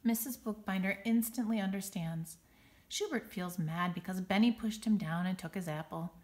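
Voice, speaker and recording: A woman reading a children's picture book aloud, expressive and dramatic on the sound words. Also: mid-range voice, normal speed. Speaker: storybook reader.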